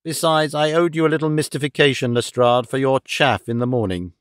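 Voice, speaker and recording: A man doing a calm, amused master detective. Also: medium pitch, brisk, smooth, no room sound, studio quality, close to an everyday voice. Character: calm, clever, theatrical male detective. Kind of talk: audiobook character reading.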